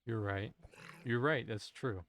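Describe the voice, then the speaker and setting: Streaming a game, a man chats casually with his viewers in a lowish, slightly bright voice, taking his time. He muses aloud in a rambling way and often cuts himself off mid-thought, with slight background noise in the clip.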